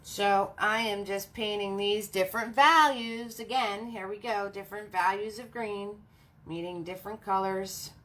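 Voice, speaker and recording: A woman hosting a live painting class, chatting warmly with viewers, laughing often and talking through each brushstroke. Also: mid-range voice, steady tone, measured pace. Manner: friendly, laughs often, narrates each step. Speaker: paint party host and art instructor.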